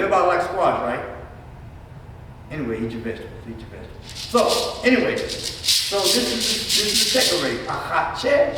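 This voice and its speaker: A man teaches a children's music lesson, firing questions and spelling words out slowly. His voice sits a little high. It sounds far from the mic in a big echoey hall with a long tail. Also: very noisy. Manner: questions and call-and-response.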